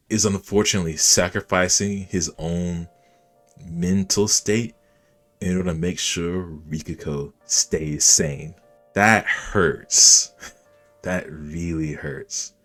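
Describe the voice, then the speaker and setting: Deep-voiced man recapping an anime episode. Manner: animated, reacts while retelling scenes. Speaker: anime reviewer.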